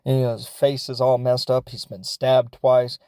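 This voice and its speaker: A man's voice: medium pitch, little pitch movement, normal speed, warm tone, clean tone, no room sound. A man hosting a podcast, recapping a film in a casual, rambling way, with lots of fillers and laughs as he goes. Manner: rambling and chatty, many fillers; laughs as he talks. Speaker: podcast host.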